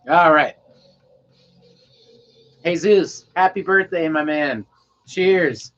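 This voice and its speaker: A man's voice: sits high, big pitch swings, extremely slow, pauses often, faint music behind. Laid-back rambling man on a lo-fi stream. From Colorado, USA. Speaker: livestream host. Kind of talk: casual late-night livestream chat. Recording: dull lo-fi sound.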